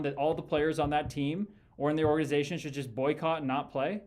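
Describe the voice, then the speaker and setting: A man in his thirties hosts a casual livestream and reads out viewer comments. He argues bluntly and combatively with a critic and keeps calling people "brother." His voice sits a little high for a man. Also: steady tone, fairly quick, hardly any pauses, darkish tone. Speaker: livestream host.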